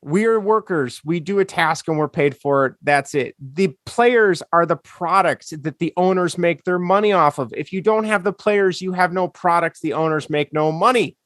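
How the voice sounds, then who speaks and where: A man's voice: a little high, normal speed, hardly any pauses, fairly bright tone, no room sound, studio quality. A man co-hosting a podcast, ranting sarcastically in casual chat. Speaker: podcast co-host.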